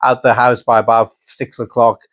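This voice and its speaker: A middle-aged man from England, talking as a podcast guest in an animated, enthusiastic storytelling manner. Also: medium pitch, normal speed, dry recording. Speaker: podcast guest, college principal. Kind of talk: casual podcast interview.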